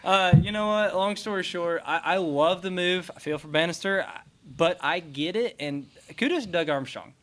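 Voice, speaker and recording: A man co-hosting a casual sports podcast, animated and chatty with lots of fillers. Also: high voice, normal speed. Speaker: podcast co-host.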